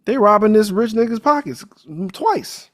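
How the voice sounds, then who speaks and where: Animated, profane man recapping a movie. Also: fairly high pitch, moderate pace. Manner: animated, profane, jokey storytelling. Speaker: podcast host.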